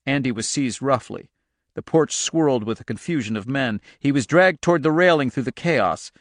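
Man narrating an audiobook, steady and dry. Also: mid-range voice, no echo. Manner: steady, measured storytelling. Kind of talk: scripted narration.

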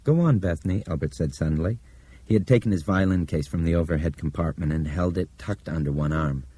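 A male audiobook narrator with a very low, dark voice and a husky grain. He reads steadily and evenly, and the sound is dry and close. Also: fairly quick, dry recording. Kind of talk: scripted narration.

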